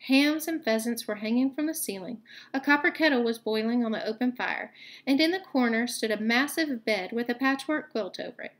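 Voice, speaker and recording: A woman teacher reading a novel aloud to her book club, with lively, expressive narration. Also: a little high, fairly quick.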